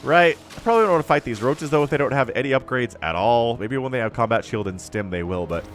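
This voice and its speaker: A man giving solo play-by-play commentary on a strategy game, excitable and jokey, talking straight to his viewers. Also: medium pitch, fast. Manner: excitable, talks to viewers directly, jokey asides. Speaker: esports caster.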